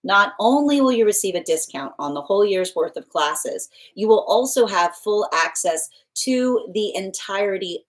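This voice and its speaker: A young adult woman hosting a tarot livestream, chatting casually with viewers and laughing often, with many restarts. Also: on the low side. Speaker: tarot reader and livestream host.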